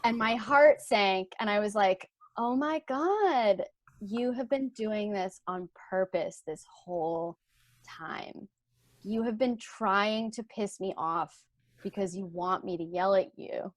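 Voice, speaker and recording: A woman's voice: slow pace, dry recording, studio quality. A young woman, a podcast guest, frankly telling a personal story and laughing as she goes. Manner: frank, laughs through the telling, animated swings in pitch and volume. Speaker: podcast guest, intimacy coordinator.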